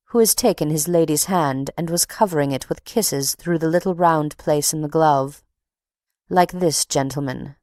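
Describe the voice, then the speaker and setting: A woman's voice: sits low, a little mellow, no room sound, studio quality. A woman voicing an indignant, talkative middle-aged box-keeper who tells her story haughtily.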